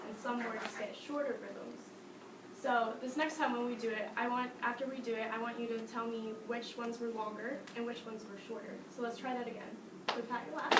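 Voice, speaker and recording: A fairly high-voiced woman teaches a music lesson to a class, lively and playful, breaking into sing-song demonstrations. She is picked up from a distance in an echoey classroom. A steady hiss of noise runs under her voice. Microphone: distant camera mic. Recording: echoey classroom from far off, noisy.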